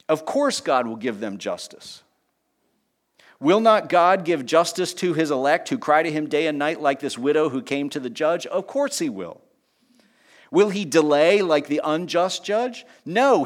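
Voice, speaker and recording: A man preaching a sermon in a lively teaching tone, with conversational asides and small jokes. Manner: lively teaching tone, pitch rising on key points and dropping low on asides. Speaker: pastor.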